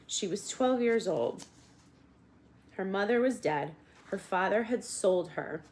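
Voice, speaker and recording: A woman narrating a storybook in a gentle, measured way, at times addressing the reader directly. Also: medium pitch, expressive. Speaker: audiobook reader.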